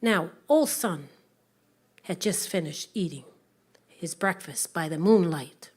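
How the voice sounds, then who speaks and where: A woman telling a story to families, animated, swinging between whispers and loud calls. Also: on the low side, slow pace, breathy edge.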